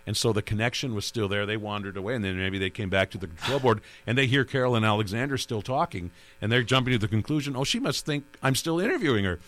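A man's voice: lowish voice, fast, few pauses, a bit bright. A man who hosts a radio interview show, telling stories about his work in a rambling way with many restarts. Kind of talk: conversational interview.

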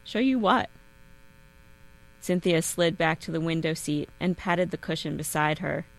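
A woman narrating a first-person story in an even, measured way. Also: deep voice, vocal fry.

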